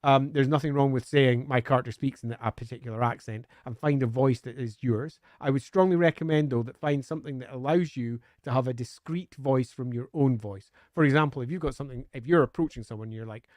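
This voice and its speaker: A man's voice: mid-range voice, a little fast, no echo, studio quality. A man on a live stream answering viewer questions in a chatty, upbeat way, with frequent hesitant fillers.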